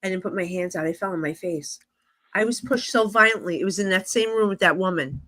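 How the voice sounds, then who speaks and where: A woman with a New Jersey accent, a guest psychic medium telling stories in a lively conversational way with many fillers. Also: mid-range voice, brisk. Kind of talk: animated storytelling in conversation.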